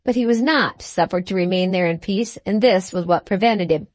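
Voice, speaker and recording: A woman reading an audiobook as narrator, measured and expressive. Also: medium pitch, no echo. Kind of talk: scripted narration.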